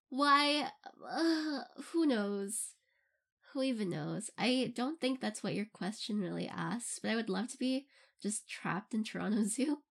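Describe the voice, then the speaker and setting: A woman's voice: fairly high pitch, animated, takes it slowly, vocal fry. A young adult woman who creates audio content, answering listener questions in a casual, rambling way and laughing often between phrases. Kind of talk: casual Q&A chat.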